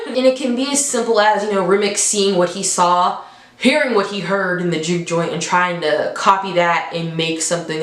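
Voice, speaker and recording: A young adult woman reviewing a film in a casual, animated storytelling way, often laughing between points. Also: lowish voice. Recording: echoey room.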